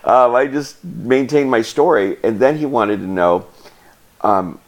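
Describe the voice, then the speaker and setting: A man telling a travel story in a casual, animated way, laughing often and acting out the people he met. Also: mid-range voice, measured pace. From United States. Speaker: travel vlogger.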